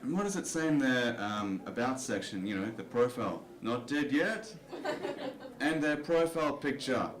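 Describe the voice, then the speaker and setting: A man's voice: medium pitch, very animated, brisk, hardly any pauses. Man, stand-up comedian, self-deprecating, conversational, filler-heavy, echoey club room. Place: comedy club stage with audience. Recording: roomy club recording.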